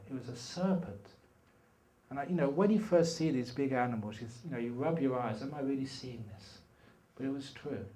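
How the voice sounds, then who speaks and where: A middle-aged male meditation teacher giving a dharma talk to a retreat group, telling his stories with animation and humor. His voice is mellow and warm. He sounds distant from the microphone in a reverberant hall. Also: medium pitch. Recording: echoey hall, from far off.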